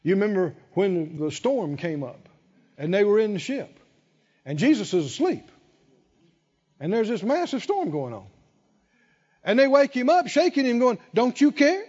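A man's voice: high-pitched, very animated, normal speed, pauses often, a little mellow, big-room sound, highs cut off. A man preaching a sermon, emphatic and calling out to the congregation. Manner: emphatic, call-and-response preaching.

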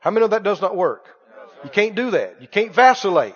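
Male pastor, very high voice, preaches hard and repeats himself; muffled sound, big reverberant sanctuary. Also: wildly swooping pitch, brisk. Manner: emphatic, repeating phrases, shouting at peaks. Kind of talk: sermon. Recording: dull lo-fi sound with long hall reverb.

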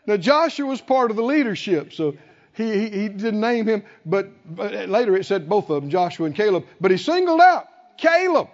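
A man preaching a sermon, acting out the people in the story and swinging from quiet talk to shouting. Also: high-pitched, big pitch swings, normal speed. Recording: dull lo-fi sound with long hall reverb.

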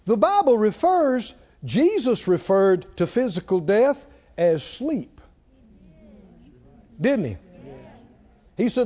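A man preaching a sermon in a folksy, emphatic way that builds to shouting, recorded with dull lo-fi sound. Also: high-pitched, very animated, slow pace, long pauses.

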